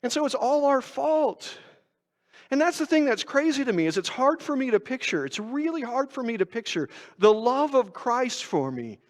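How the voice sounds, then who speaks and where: High-voiced preacher in a reverberant church. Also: male voice, sing-song, normal speed. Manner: conversational, self-mocking preaching with rhetorical questions. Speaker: pastor. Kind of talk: sermon. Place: church sanctuary.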